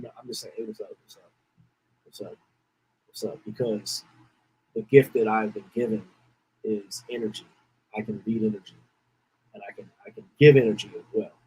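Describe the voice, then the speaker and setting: Husky-voiced man, rambling and emotional. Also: mid-range voice, low-quality recording. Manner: emotional, rambling, repeats phrases. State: holding back tears. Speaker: podcast host. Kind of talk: casual storytelling monologue.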